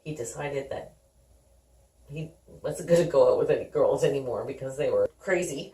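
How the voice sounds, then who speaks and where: A woman's voice: extremely low pitch, moderate pace, warm tone. A middle-aged woman telling her family's story in an interview, conversational and acting out the dialogue. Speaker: guest. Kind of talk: candid personal storytelling. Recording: roomy sound, distant from the mic.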